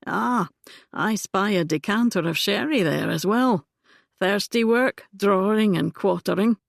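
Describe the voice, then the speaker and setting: A woman voicing a poised, witty young gentlewoman in a composed, genteel manner. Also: mid-range voice, measured pace, gravelly, dry recording, studio quality. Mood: playful.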